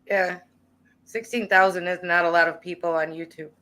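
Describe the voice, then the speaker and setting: A woman's voice: on the low side, fairly even intonation, normal speed, fairly bright tone. A woman on an online talk show panel speaking in a matter-of-fact way. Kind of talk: casual podcast chat.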